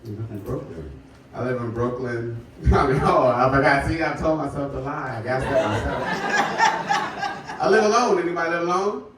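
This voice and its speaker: Guy doing stand-up, lively up-and-down voice, laughs a lot, echoey and far off with loud noise. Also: medium pitch, moderate pace. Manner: conversational, laughing through jokes. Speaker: stand-up comedian. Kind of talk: stand-up set. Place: live comedy show.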